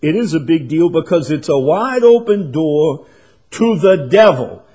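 A man preaching a sermon, swinging from quiet and conversational to loud, emphatic passages. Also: fairly high pitch, animated, measured pace, breathy edge. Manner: builds to loud emphatic preaching, then drops soft. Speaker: pastor.

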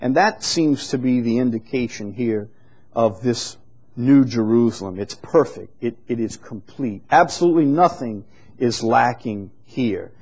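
A man preaching a sermon in an unhurried, conversational teaching manner, growing louder and higher when he reads scripture aloud. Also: husky. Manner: rises in pitch and volume when reading scripture aloud.

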